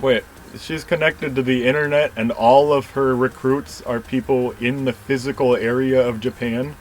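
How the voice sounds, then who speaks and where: A man's voice: mid-range voice, steady tone, normal speed, a little hiss or hum, poor audio. A man playing through a video game, reading all the characters and chatting casually. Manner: voices every character while reading. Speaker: game player and reader.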